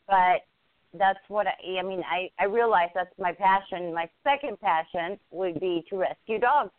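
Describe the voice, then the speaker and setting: A woman's voice: on the low side, dry recording. Earnest woman guest on a dry phone line. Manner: earnest, upbeat, halting with restarts. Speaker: podcast guest. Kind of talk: casual interview. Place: home.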